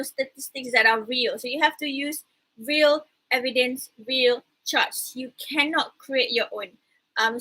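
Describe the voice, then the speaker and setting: A woman's voice: sits high, sharp tone, slightly rough, poor audio. A woman with a Malaysian accent giving an online class lecture, slipping Malay words into her English and repeating the key rules firmly. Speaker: university lecturer.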